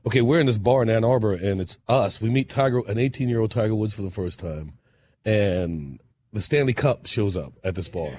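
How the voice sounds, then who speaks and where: A man, a musician guest on a talk show, telling animated stories that he laughs through and acts out. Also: lowish voice, a little fast, husky. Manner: lively storyteller, laughs through punchlines, acts out quotes.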